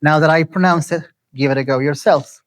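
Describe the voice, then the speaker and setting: A man from Mexico City, giving a lecture and slowly repeating words so listeners can pronounce them. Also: on the high side, rough recording. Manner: slow, deliberate, repeats words to teach pronunciation.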